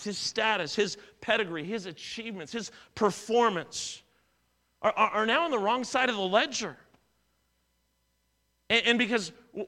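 A middle-aged man gives a sermon in a high, bright voice. He talks in an easy, conversational way, weaves in stories from his own life, and often stumbles and repeats words as he goes. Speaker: pastor.

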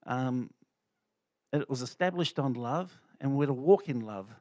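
Sharing a testimony at church, a middle-aged lay speaker talks in a relaxed, conversational manner, full of fillers and restarts, in an ordinary male range. He sounds animated, unhurried and mellow, and the recording is dry, without room echo.

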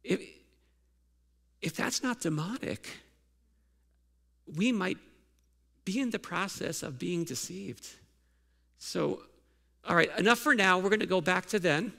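A man preaching a sermon with a high, gravelly voice. His tone is bright and edgy, and he keeps asking his congregation pointed questions with casual fillers and restarts. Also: expressive, measured pace, pauses often. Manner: conversational, asks many questions with fillers and restarts. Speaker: pastor.

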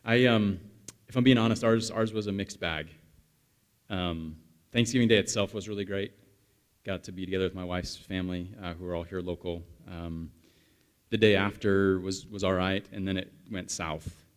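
A man's voice: low-pitched, steady tone, normal speed, clean tone. A man in his thirties, a pastor, giving a conversational sermon and telling a story while chatting with the congregation.

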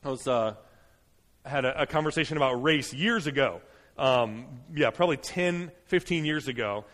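A man's voice: mid-range voice, moderate pace, a bit bright, big-room sound. A male pastor preaching a sermon in a loose, conversational way, full of fillers and restarts, building to emphatic delivery.

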